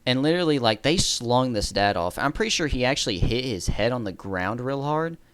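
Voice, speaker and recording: A man's voice: medium pitch, animated, brisk, a bit bright, clean tone, no room sound. A man telling a story in a casual storytime monologue, rambling, correcting himself and laughing at his own story. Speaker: storyteller vlogger.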